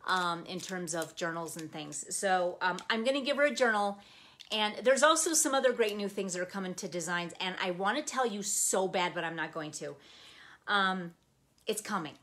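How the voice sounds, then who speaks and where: A woman's voice: mid-range voice, expressive, moderate pace, a bit bright. A middle-aged woman hosting a live stream, chatting in a bubbly, gushing way. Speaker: planner community host. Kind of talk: casual live-stream chat. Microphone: phone camera.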